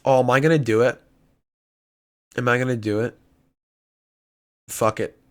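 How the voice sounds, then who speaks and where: A young man casually talking through fight predictions, cursing often and changing his mind out loud. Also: medium pitch, steady tone, measured pace. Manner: indecisive, swears often, flips picks. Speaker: MMA prediction YouTuber. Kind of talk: casual solo prediction talk.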